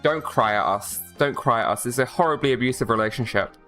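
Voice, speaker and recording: A woman's voice: very deep voice, fast, fairly bright tone, soft background music. A woman streaming a video game, chatting casually and rambling with her viewers, often swearing. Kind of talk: casual live-stream chat.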